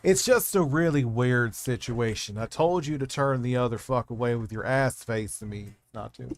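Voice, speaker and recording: A man's voice: medium pitch, moderate pace. A man hosting a live stream, chatting casually and rambling with heavy profanity as he talks straight to his chat.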